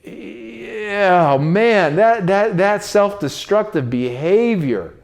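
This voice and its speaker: A man's voice: high-pitched, animated, very slow, creaky. A man hosting a casual spoken monologue, preachy and repetitive, talking in street slang. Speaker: host.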